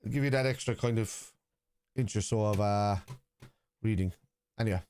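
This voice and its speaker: A man's voice: fairly low pitch, normal speed, a little mellow, clean tone, no echo. A man hosting a live football watchalong from his computer at home, arguing with chat, swearing bluntly, and reading stats aloud. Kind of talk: live-stream chat, answering viewers.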